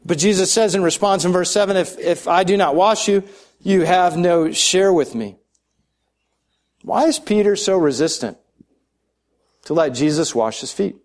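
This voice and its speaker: A man with a somewhat high voice preaches a sermon in an easy, conversational way. He thinks aloud with frequent restarts and slows down to lean on the key words. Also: darkish tone. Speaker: pastor.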